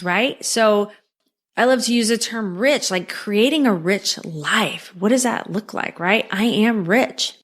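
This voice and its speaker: Upbeat woman coaching on mindset. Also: medium pitch. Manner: upbeat, coaching, rhetorical questions with frequent "right?" and "you know". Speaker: podcast host. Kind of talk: motivational solo podcast talk.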